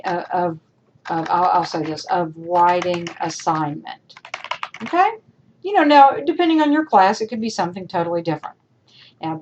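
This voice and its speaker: A woman instructor teaching a screen-recorded tutorial, chatty, asking her students rhetorical questions. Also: medium pitch. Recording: dull lo-fi screencast audio.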